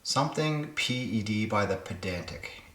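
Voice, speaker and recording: A man's voice: lowish voice, expressive, normal speed, a bit bright, reverberant. A man hosting his own puzzle channel, thinking aloud and muttering to himself as he solves word games. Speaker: puzzle game channel host. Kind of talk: casual solo puzzle-solving commentary.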